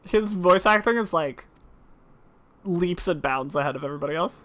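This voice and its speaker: A woman's voice: lowish voice, normal speed. A woman streamer chatting casually over a game, laughing often and breaking off mid-sentence. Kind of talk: casual gaming commentary.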